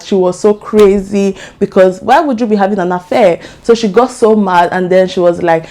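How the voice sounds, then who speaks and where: Chatty African-accented woman, mellow voice. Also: medium pitch. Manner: chatty, animated, acts out quotes, asides. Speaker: true crime vlogger. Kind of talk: casual storytelling.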